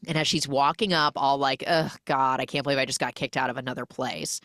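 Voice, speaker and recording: Podcast host, woman with a low voice, dry close sound, chatty recap that slips into character voices. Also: fairly even intonation, fairly bright tone, no echo. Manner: chatty, acts out characters' lines in quick voices. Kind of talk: animated film recap.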